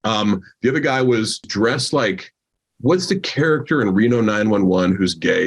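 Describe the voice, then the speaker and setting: Husky man telling a rambling story. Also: lowish voice, animated, normal speed. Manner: rambling, full of "like" fillers. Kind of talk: casual storytelling.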